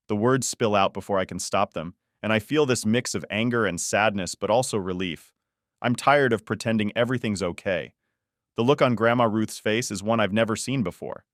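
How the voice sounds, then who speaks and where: Low-voiced man narrating a story. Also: a little fast, no echo, clean studio sound. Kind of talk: scripted first-person story narration.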